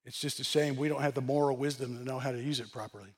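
A man's voice: medium pitch, fairly even intonation, fast talker, slightly rough. An older man giving a sermon-style message, earnest and blunt, with touches of dry sarcasm. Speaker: speaker delivering a message.

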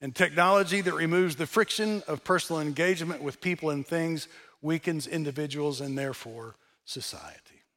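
A man's voice: on the high side, moderate pace, fairly bright tone. An older man giving a sermon-style message, earnest and blunt, with touches of dry sarcasm. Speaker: speaker delivering a message.

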